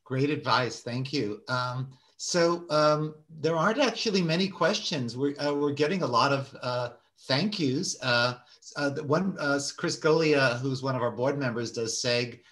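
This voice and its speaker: A man's voice: mid-range voice, measured pace, fairly bright tone. A man hosting a club meeting over a video call, reading out audience comments in a friendly, hesitant way with many fillers. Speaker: meeting host.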